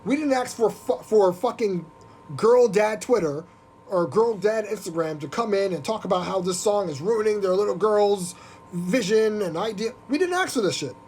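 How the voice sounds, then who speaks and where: A podcast host ranting on a live stream in an animated, profane, mocking way. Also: male voice, sits high, moderate pace, slight background noise. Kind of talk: casual live-stream rant.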